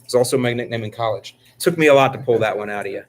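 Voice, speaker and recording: Male host, middle-aged, relaxed joking banter on a live stream, mid pitch. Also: fast talker. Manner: joking, rambling, with frequent restarts and fillers. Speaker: lawn care channel host. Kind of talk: casual live-stream chat.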